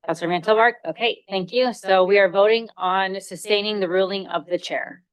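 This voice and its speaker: A woman's voice: mid-range voice, fairly even intonation, brisk, clean tone, no room sound, poor audio. Woman clerk reading off vote results, matter-of-fact, dry close sound. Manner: matter-of-fact, listing names. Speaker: city clerk. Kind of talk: reading recorded votes. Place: council chamber.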